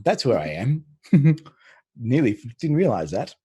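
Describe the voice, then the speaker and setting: A man's voice: medium pitch, sing-song, unhurried, mellow, husky. A man, a co-host from Australia, chatting casually and telling a rambling travel story. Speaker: stream co-host. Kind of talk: casual chat.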